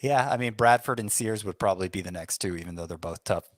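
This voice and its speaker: A man's voice: lowish voice, fast talker, no echo, studio quality. A man co-hosting a sports podcast in casual chat, making wry, understated remarks. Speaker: fantasy baseball podcast co-host.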